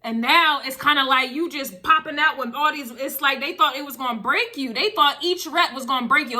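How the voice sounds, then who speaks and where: High, bright-voiced woman giving a reading. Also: fairly quick, hardly any pauses. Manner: emphatic, repetitive phrasing. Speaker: tarot reader. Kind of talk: casual spiritual reading to camera.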